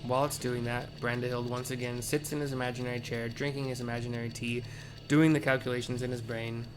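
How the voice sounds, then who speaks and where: A man casually narrating game cutscenes out loud as he plays, chatty, with fillers and self-corrections. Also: medium pitch, flat delivery, fast, background noise. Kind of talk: casual live audio description of game cutscenes.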